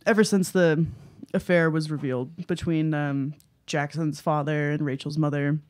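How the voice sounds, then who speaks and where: A young woman co-hosting a casual podcast, animated and laughing often as she acts out quotes in exaggerated voices. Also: sits low, normal speed. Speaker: podcast co-host. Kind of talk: casual chat reviewing a book.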